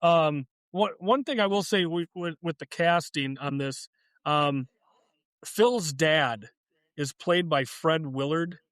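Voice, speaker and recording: A man's voice: a little high, takes it slowly, a bit bright, no room sound. A man co-hosting a pop culture podcast, chatting casually with fillers and easy laughter. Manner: chatty, laughs easily, many fillers and restarts. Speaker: podcast co-host. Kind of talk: casual chat.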